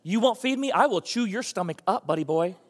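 A man's voice: high-pitched, expressive, fairly quick, in a large hall, voice pushed up. A man in a sermon voicing a listener's hungry stomach as a bossy, taunting male figure that threatens to eat them from inside. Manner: taunting, menacing, calls listener buddy boy.

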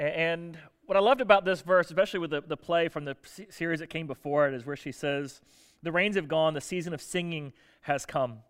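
A male pastor delivers a sermon in a loose, conversational way, joking with his listeners and restarting his sentences. His voice sits high and sounds bright. The sound carries a long church-hall reverb.

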